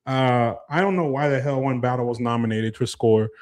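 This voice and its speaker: A man's voice: medium pitch, brisk. A man co-hosting a casual podcast, ranting animatedly with lots of swearing and laughter. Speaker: podcast co-host. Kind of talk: casual chat.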